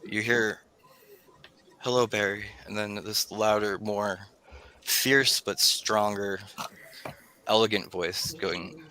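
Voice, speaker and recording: Male game master, lowish and bright, narrates a tabletop session. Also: steady tone, slow pace, slight background noise, rough recording. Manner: describes scenes at length, voices deities in quotes.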